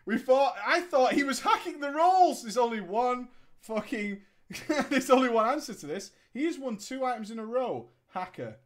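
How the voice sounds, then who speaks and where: Brief: story reader, very lively pitch, sarcastic asides and swearing. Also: normal speed. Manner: sarcastic, swears, breaks off to riff and laugh. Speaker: storyteller reading gaming stories. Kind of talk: comedic story reading with commentary.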